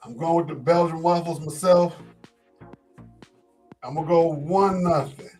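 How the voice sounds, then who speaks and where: A man's voice: a little high, measured pace, long pauses, darkish tone, soft background music. A man hosting a casual sports talk show, laid-back, often repeating words as he thinks.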